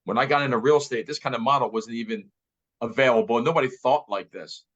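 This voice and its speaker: A man's voice: medium pitch, fast talker, fairly bright tone. A man in his fifties giving an emphatic motivational talk as a real estate director, repeating key phrases. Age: 50s. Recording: slightly muffled audio.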